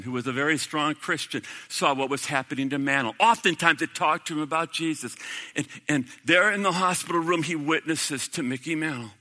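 A middle-aged man preaching a sermon, building to impassioned peaks and dropping to hushed, quiet passages. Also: a little high. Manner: impassioned, swelling to emphatic peaks then dropping to hushed quotes. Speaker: pastor.

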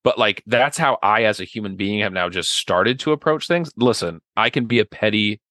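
Earnest bright-voiced man chatting. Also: fairly low pitch, lively intonation, normal speed, no room sound. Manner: earnest, rambling, many "like" and "right?". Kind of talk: casual podcast chat.

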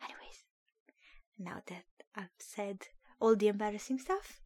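A woman's voice: medium pitch, moderate pace. A woman hosting a podcast in casual, self-deprecating chat, her speech a little slurred from a sore mouth. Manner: chatty, self-deprecating, animated asides. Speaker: podcast host.

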